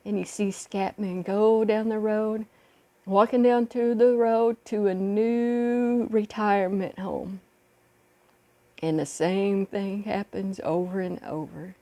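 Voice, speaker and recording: Woman vlogger, slow earnest storytelling, mellow tone, phone recording. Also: mid-range voice. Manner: earnest, encouraging. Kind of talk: casual storytelling retelling a film.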